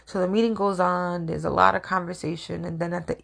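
A woman hosting her own podcast, talking through a personal monologue in a halting, emotional way and often repeating her words. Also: lowish voice, steady tone, creaky. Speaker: podcast host.

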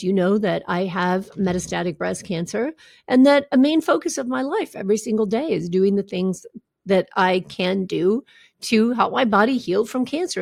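Gravelly-voiced woman podcast host. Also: medium pitch, dry recording, studio quality. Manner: earnest storyteller who often asks "right?". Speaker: podcast host and recovery coach. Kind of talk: personal podcast monologue.

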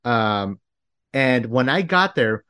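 A man's voice: mid-range voice, expressive, slow, sharp tone, clear, resonant tone. Man, podcast host, loose rambling delivery, lots of restarts. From Texas. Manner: rambling, many restarts and fillers. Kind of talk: casual interview chat.

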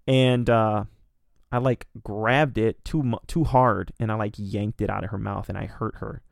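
A man's voice: lowish voice, steady tone, a little slow, gravelly, no echo, studio quality. A young man casually telling a rambling, profane, self-deprecating story as a podcast co-host.

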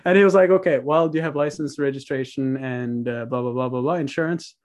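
Speaking fairly quickly in a medium-pitched voice, a young man from Norway tells a casual story as a guest on a podcast. He's laid-back, swears often, and laughs a lot.

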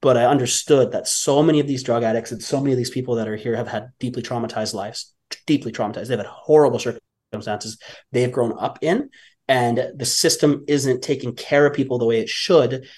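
A man from Vancouver telling a story as a guest on a podcast, animated and blunt, with frequent swearing and laughter. His voice sits at an ordinary middle pitch, and he speaks casually like a life coach sharing something personal. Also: a little fast, husky. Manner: animated, profane, laughs often.

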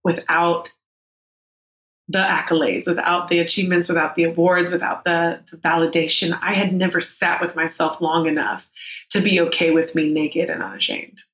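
A woman's voice: on the low side, flat delivery, normal speed, fairly bright tone. A woman in her thirties telling a personal story as a podcast guest, candid and emotional, with frank swearing. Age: 30s. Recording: roomy echo.

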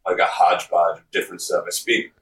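A man's voice: deep voice, steady tone, fast, a bit bright, distant mic. A man with a light Southern American accent, a laid-back podcast guest chatting casually over a video call. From Southeastern United States. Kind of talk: casual chat. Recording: roomy sound from off the mic.

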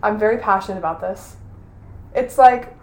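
A woman's voice: medium pitch, moderate pace. A young woman co-hosting a podcast in a casual chat, talking with exaggerated outrage and laughing often. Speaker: podcast co-host. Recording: roomy echo.

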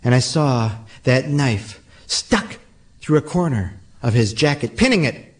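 A man's voice: medium pitch, expressive, unhurried. A man performing a spooky childhood story aloud with dramatic, suspense-building delivery.

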